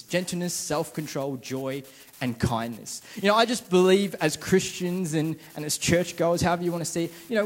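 A young man giving a casual, joking sermon to a church congregation and quizzing the crowd. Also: sits high. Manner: chatty, self-mocking, quizzes the crowd. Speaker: preacher. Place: church service before a congregation.

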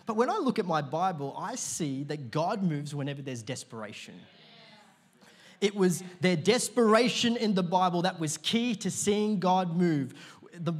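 A pastor in his thirties preaching a sermon to a congregation, chatty and animated with lots of "like" fillers and sudden loud bursts. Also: sits high, breathy edge. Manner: conversational, many "like, as in" fillers, bursts of shouting. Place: church auditorium before a live congregation.

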